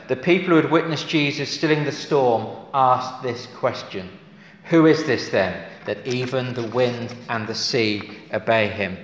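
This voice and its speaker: A man's voice: medium pitch, a bit bright. A man preaching a sermon in a church. He speaks earnestly, asks his congregation rhetorical questions and rises to emphatic exclamations. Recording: echoey hall with long reverb.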